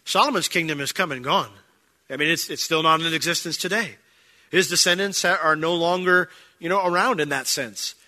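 Bright, animated male pastor preaching. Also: sits high. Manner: animated, conversational preaching with acted asides. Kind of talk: sermon.

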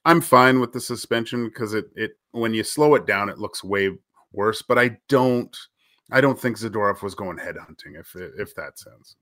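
A man co-hosting a hockey podcast, speaking haltingly with many repeated words. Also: fairly low pitch, animated, a bit bright, no echo, clean studio sound. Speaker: podcast co-host, former player. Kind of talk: casual sports talk.

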